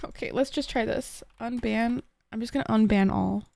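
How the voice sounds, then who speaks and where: A woman's voice: fairly high pitch, moderate pace, creaky, dark tone, dry recording. A woman streamer chatting to her viewers, flustered and swearing often. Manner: flustered, swearing, talks to chat. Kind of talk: casual live-stream chat.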